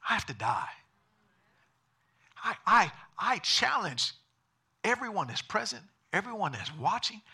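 A man preaches a sermon with emphatic, call-and-response delivery. His voice sits high and swoops all over with lively drama. He has a forceful, bright edge. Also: unhurried, long pauses, husky. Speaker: pastor.

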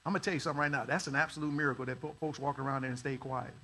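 A male pastor preaching a sermon, telling a story in a folksy way and building to loud calls for the congregation to respond. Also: mid-range voice, fairly even intonation, rapid-fire.

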